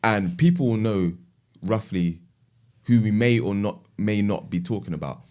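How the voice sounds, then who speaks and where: A man co-hosting a casual podcast, laid-back and measured, often saying "listen". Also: on the low side, expressive, warm tone. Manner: laid-back, measured, says "listen" and "do you know what I mean". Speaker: podcast co-host.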